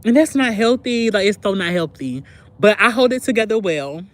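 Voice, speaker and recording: A woman's voice: mid-range voice, expressive, moderate pace. A woman hosting a livestream, talking candidly in a casual, confessional way to her viewers, with lots of filler words. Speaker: livestream host. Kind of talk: casual live chat reacting to viewers.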